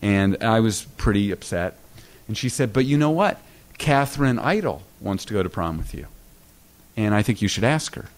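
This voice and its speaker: A middle-aged man giving a lecture, telling stories with lots of stammers and repeated words, and acting out other people's lines in a higher voice. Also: moderate pace. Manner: animated anecdotes, acting out other people's lines with a raised pitch. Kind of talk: storytelling lecture. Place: lecture hall.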